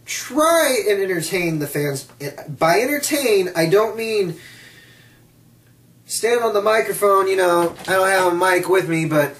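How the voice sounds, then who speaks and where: A man's voice: high-pitched, recorded from a distance. A man in a blunt, sarcastic casual rant as a wrestling vlogger. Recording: echoey room, off mic.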